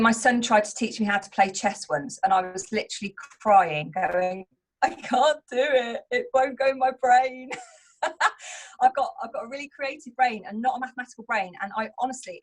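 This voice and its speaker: A woman's voice: medium pitch, slightly rough. A middle-aged woman who runs a home business and leads a team, speaking openly and earnestly in a candid motivational talk. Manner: open and earnest, speaking in a confessional tone.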